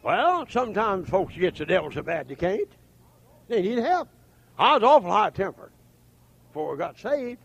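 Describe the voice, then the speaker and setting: A man preaching a folksy revival sermon, swinging from shouts to hushed asides. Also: sits high, very animated, normal speed, vocal fry, pauses often, breathy edge, no room sound.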